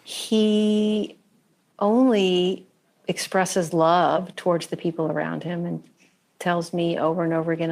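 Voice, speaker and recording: A woman religious scholar speaking as a guest, thoughtful and halting as she searches for words. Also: deep voice, darkish tone. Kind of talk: reflective conversation.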